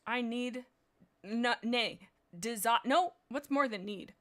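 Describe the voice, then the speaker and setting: A woman streamer reading fan fiction aloud and breaking off for excited, laughing commentary. Her voice sits a little high. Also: slow.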